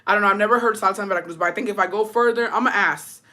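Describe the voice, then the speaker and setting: A woman's voice: medium pitch, bright, forceful tone. A woman telling a story to her live chat, cursing freely and switching between English and Spanish. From Texas. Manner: profane, switches into Spanish, quick laughs. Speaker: streamer.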